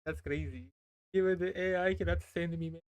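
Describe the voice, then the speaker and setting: A woman's voice: on the low side, fairly even intonation, brisk, darkish tone, no room sound. A woman streamer chatting casually and bluntly, giving terse answers and laughing as she talks. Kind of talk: casual live-stream chat.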